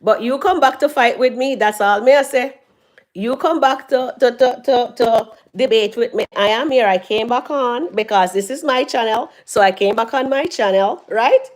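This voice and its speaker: A woman doing casual live-stream commentary on her phone. She chats with her viewers, reads out their comments and breaks into loud laughs. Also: fairly high pitch, moderate pace. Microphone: phone held at arm's length.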